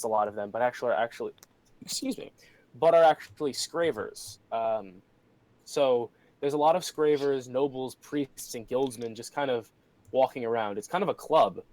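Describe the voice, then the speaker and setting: A man's voice: mid-range voice, darkish tone, no room sound, poor audio. Casual man narrating as game master. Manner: casual, hesitant, many fillers. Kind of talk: narrating a tabletop role-play game online.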